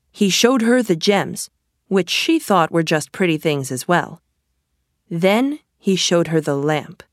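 A woman narrating a storybook in a slow, measured way. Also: lowish voice, no echo, studio quality.

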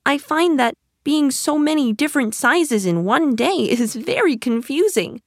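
A woman voicing Alice, a curious and polite little girl, in a high childlike voice for a storybook reading. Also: animated, measured pace, no echo, clean studio sound. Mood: polite, puzzled.

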